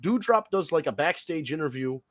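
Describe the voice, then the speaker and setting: A man hosting a podcast in casual, animated chat, profane and quick with asides. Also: a little high, no room sound. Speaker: podcast host.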